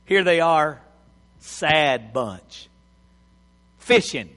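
A man's voice: fairly high pitch, animated, very slow, a bit bright, in a large hall. A male pastor preaching a sermon, telling the story with acted-out voices and chuckles. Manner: storytelling, acts out scenes, chuckles.

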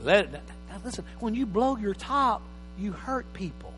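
Emphatic preacher man, bright tenor. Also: high-pitched, expressive, moderate pace, soft background music. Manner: emphatic, varies volume from loud bursts to quiet asides. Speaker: pastor. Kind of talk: sermon. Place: church hall. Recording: reverberant hall with faint mains hum.

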